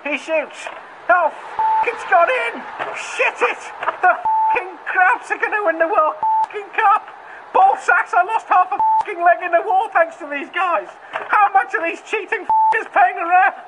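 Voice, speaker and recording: A man's voice: extremely high pitch, moderate pace, hardly any pauses, pitched above the performer's own voice. A man voicing an old-fashioned English radio football commentator who curses at the opposing team. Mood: bitter. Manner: clipped commentary turning to cursing. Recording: noisy archive-style radio sound.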